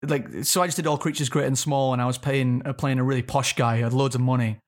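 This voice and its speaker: A man's voice: mid-range voice, steady tone, fast. A man in his thirties, an actor, talking reflectively in an interview and searching for his words. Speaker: actor guest. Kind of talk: interview conversation.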